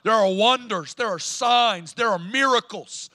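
A man with a Southern US accent preaching a sermon as pastor in a church, emphatic and building to loud declarations. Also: sits high, unhurried. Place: church sanctuary.

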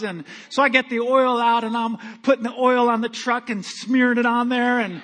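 A man's voice: very high voice, flat delivery, moderate pace, hardly any pauses, a bit bright. A male pastor preaching a storytelling sermon in a conversational, self-mocking way with many fillers.

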